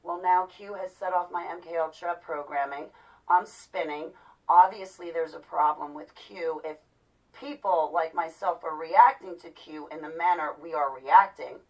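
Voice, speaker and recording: A middle-aged woman giving an agitated personal monologue, swinging between loud outbursts and low, quiet stretches. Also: normal speed, distant mic, rough recording. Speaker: vlogger.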